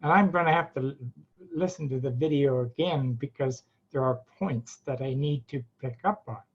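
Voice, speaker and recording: A man with a Devon accent, club president, giving closing remarks at an online meeting in a halting way, with many fillers and restarts. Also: medium pitch, husky. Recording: dull, lo-fi video call audio.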